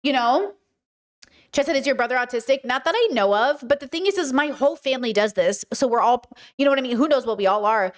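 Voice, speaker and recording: A young woman hosting a casual livestream, talking in an animated, chatty way and slipping into mimicked voices. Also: high-pitched, fast talker. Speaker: livestream host.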